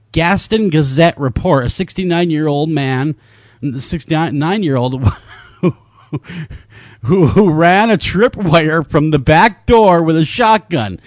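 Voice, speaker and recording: A male talk show co-host with a lively, swinging voice that sits fairly high. He jokes around and reads news out loud in an animated way. The sound is close and dry. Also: no echo. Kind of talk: casual radio-style chat.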